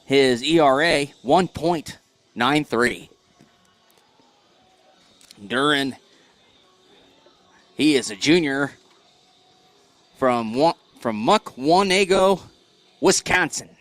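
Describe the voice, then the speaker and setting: A man's voice: mid-range voice, extremely slow, long pauses, a bit bright, no room sound, soft background music. A man giving easygoing baseball color commentary, reading out player stats. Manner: easygoing, reads stats, jokes.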